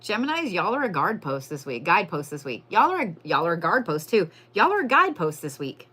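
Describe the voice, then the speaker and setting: A woman's voice: fairly low pitch, big pitch swings, fairly quick, bright, forceful tone, breathy edge. A woman giving a casual, profane live crystal and zodiac reading, chatting to viewers as y'all. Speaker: livestream tarot and crystal reader.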